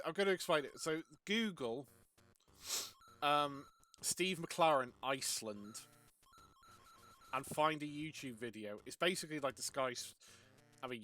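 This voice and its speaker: A man's voice: medium pitch, sharp tone. A young Welshman chatting casually while streaming a game, rambling with many restarts and laughs. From Wales.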